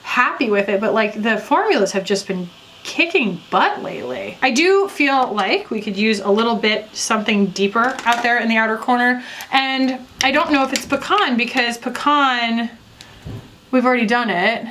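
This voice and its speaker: A woman's voice: on the high side, lively intonation, moderate pace, pushed and bright, slight background noise. A young woman beauty reviewer chatting casually and rambling with lots of fillers while doing her makeup.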